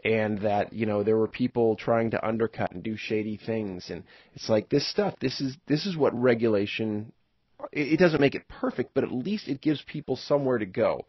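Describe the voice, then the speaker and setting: A man's voice: mid-range voice, normal speed, husky, no echo. A man hosting a studio radio talk show, chatting in a rambling way with restarts. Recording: slightly dull radio broadcast audio.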